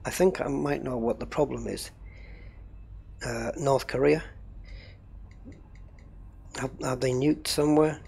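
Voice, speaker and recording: A man's voice: mid-range voice, steady tone, measured pace, vocal fry, long pauses, darkish tone, breathy edge. A man running a gaming livestream, rambling casually and thinking aloud while he troubleshoots.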